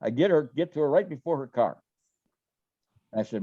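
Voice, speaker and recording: A man's voice: a little high, very animated, fast talker, warm tone, dry recording, lo-fi sound. A man telling business stories in a folksy, casual way, often repeating words and acting out what people said. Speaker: guest. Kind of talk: casual storytelling interview.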